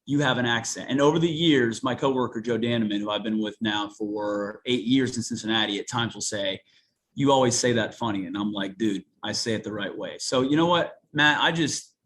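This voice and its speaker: A man from Newark, Ohio, with a Central Ohio accent, a TV sportscaster talking as a guest in an animated, folksy way. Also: on the low side, brisk. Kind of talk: casual sports interview.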